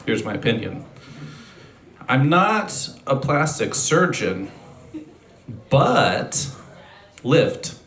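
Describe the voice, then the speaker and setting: Deadpan male comic, echoey room. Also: mid-range voice. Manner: deadpan, self-deprecating one-liners with throat clearing. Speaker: stand-up comedian. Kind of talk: deadpan stand-up set. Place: comedy venue stage. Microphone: handheld stage mic on a speaker.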